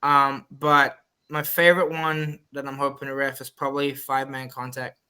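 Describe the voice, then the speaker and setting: A man's voice: mid-range voice, level tone, normal speed, bright, forceful tone, clear, resonant tone. A man from the Cayman Islands, a flag football referee and podcast guest, chatting casually in a rambling storytelling way and acting out his own quoted lines.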